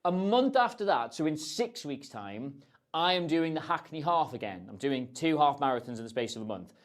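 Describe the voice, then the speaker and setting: A man's voice: a little high, very animated, moderate pace. A man hosting a casual livestream, answering viewer questions in a chatty, rambling, self-deprecating way. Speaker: host.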